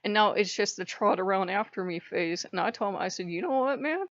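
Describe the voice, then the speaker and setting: A woman hosting a casual spiritual vlog, telling stories in an animated, profane way and laughing often, on a dull lo-fi mic. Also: mid-range voice, a little fast, no echo. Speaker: channel host.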